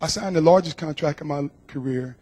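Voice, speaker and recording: Fairly high-pitched, mellow, and slightly rough, his voice moves briskly. The middle-aged Georgian guest speaker shares his testimony with a congregation, emotional and earnest, repeating himself frequently.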